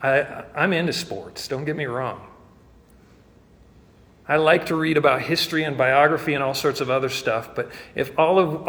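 A man's voice: on the high side, a bit bright, in a large hall. A man preaching a sermon as pastor, earnest and rising to fervent emphasis.

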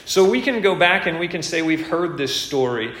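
Earnest preacher in a roomy space. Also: male voice, lively intonation, moderate pace, fairly bright tone. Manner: earnest, emphatic, rises in pitch on key points. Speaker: preacher and teacher. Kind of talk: expository sermon. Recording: roomy echo.

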